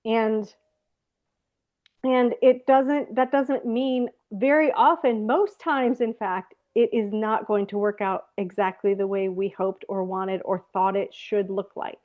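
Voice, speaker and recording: A woman's voice: medium pitch, steady tone, slow pace. A woman host giving a reflective, emphatic teaching talk. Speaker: host of a faith program. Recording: tinny phone-like call audio.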